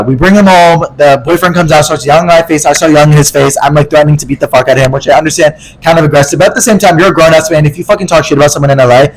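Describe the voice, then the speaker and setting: A young man co-hosting a podcast, telling a story in casual chat, animated and profane, acting out the voices of people he quotes. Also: a little high, slight background noise, low-quality recording. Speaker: podcast co-host.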